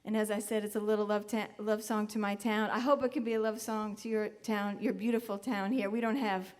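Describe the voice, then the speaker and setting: A woman's voice: mid-range voice, little pitch movement, brisk. A middle-aged woman from Massachusetts, a singer-songwriter chatting from a concert stage between songs in a rambling, self-mocking way. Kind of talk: onstage banter between songs.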